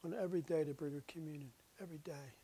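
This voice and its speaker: A middle-aged pastor tells a personal story in a relaxed, folksy way, his voice sitting a little higher than most men's. At the solemn moments he drops to a hushed whisper. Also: rapid-fire, breathy edge. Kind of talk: storytelling meditation.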